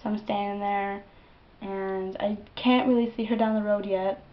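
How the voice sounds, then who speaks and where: A woman's voice: mid-range voice, moderate pace. A young woman talks straight to her camera, swearing freely and acting out the tale. Her voice sits in a mid range, and the webcam audio is slightly dull and muffled. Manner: animated and profane, with dramatic quoted outbursts. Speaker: vlogger. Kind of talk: casual storytelling to camera.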